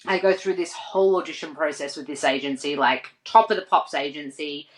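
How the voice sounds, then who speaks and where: An Australian woman on a podcast as a guest, telling lively stories full of "like" and acted-out quotes. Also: low-pitched, brisk, low-quality recording. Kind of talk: casual interview storytelling.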